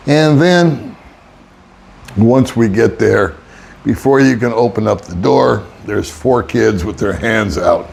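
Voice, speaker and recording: A man's voice: fairly low pitch, slow, creaky, darkish tone. An older man, an expat vlogger, telling a rambling, wry story in casual monologue and chuckling often. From United States.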